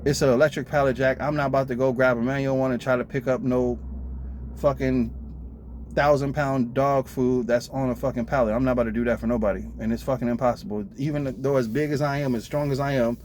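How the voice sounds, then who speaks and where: A man's voice: mid-range voice, fairly even intonation, quick pace, darkish tone, a little hiss or hum. Blunt, profane trucker man venting. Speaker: truck driver vlogger. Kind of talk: casual storytelling rant.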